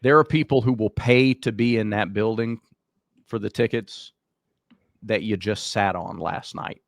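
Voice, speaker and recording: A man with a raspy voice co-hosting a casual sports talk show, venting about his team. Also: lowish voice, a little slow, no room sound, clean studio sound. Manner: apologetic, venting. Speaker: co-host.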